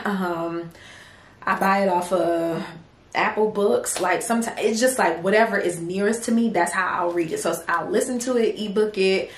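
A woman's voice: medium pitch, echoey room, a little hiss or hum. A young woman casually chatting to her viewers at home, calling them y'all and girlies. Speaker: vlogger and small business owner. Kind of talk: casual chat to camera. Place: home office room.

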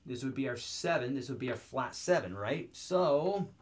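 A man's voice: mid-range voice, lively intonation, normal speed. A man teaching guitar chords in an online video lesson, upbeat and joking as he talks straight to the viewer.

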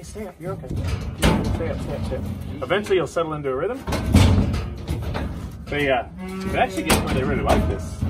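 A man, a cattle vet, chatting and joking as he explains his work in a cattle yard. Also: a little high. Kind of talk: casual explainer vlog while working. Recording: loud music playing behind.

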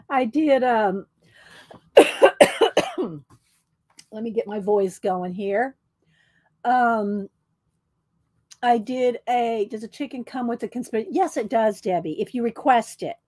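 Slow-talking woman craft streamer. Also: a little high, warm tone. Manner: chatty, reads viewer comments, frequent ums and throat clearing. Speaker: craft livestream host. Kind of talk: casual livestream chat.

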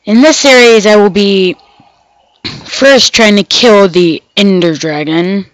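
A woman hosting a gaming video with slow, unhurried, rambling commentary, chatting to herself and the animals as she plays. She is sick, and her voice sounds a little off. The recording is close and dry, with no room sound. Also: mid-range voice, no room sound, poor audio. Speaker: gaming channel host. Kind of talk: casual gameplay commentary.

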